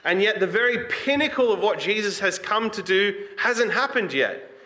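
An animated man with a high-sitting, pushed, bright voice preaches at a moderate pace in a conversational style. He reads scripture aloud with growing emphasis and puts questions to those listening.

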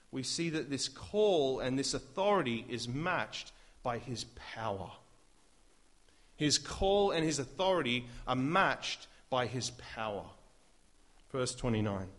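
A man preaching a sermon, emphatic and full of rhetorical questions, rising to loud declarations. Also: medium pitch.

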